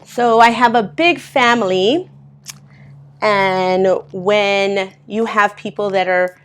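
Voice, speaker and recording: A woman's voice: medium pitch, slow pace, clean tone. A woman from Mexico teaching an English as a second language class, reading from a textbook and patiently explaining words step by step.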